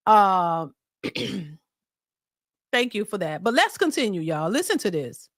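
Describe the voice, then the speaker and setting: A woman's voice: medium pitch, big pitch swings, slow pace, dry recording, studio quality. A woman hosting a reaction stream, giving casual commentary on a clip and bluntly firing rhetorical questions at its guest. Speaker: reaction channel host.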